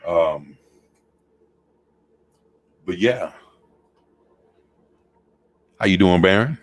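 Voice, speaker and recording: A deep-voiced man chats easily on a podcast, calling out viewers by name. His voice sits very low. The sound is dry and close. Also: lively intonation, drawn-out words, no echo. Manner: laid-back, greets chat viewers by name. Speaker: podcast co-host. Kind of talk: casual chat.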